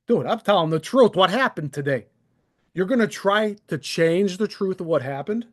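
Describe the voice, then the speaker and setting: A man's voice: sits high, normal speed. A man in his thirties, a channel host, delivering an angry, sarcastic, profane solo rant to camera into a desk microphone. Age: 30s. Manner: heated, sarcastic, profane, very animated.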